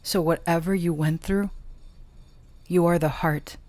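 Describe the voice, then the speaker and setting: A woman giving a tarot reading, talking softly and emotionally, with halting pauses. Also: fairly low pitch, fairly even intonation, no echo. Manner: slow, soft, emotional and halting. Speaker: tarot reader and channeler.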